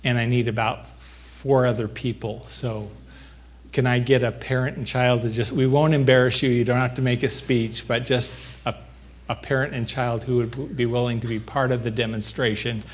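A man preaching a sermon, talking to the congregation in an unhurried, conversational way and joking now and then. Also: mid-range voice, flat delivery. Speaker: pastor. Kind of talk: sermon with a live demonstration.

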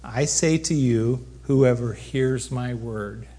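Pastor, male, mid-range voice; slow, easygoing sermon delivery that chats with the congregation. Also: medium pitch, dark tone, breathy edge. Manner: unhurried, conversational, joking with the congregation. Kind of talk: sermon with a live demonstration.

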